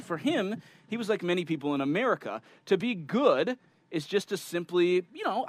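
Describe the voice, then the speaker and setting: Male pastor, conversational sermon, fairly high voice with a lively pitch, reads scripture then unpacks it for the congregation. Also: no room sound, poor audio. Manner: animated, conversational preaching with asides to the congregation.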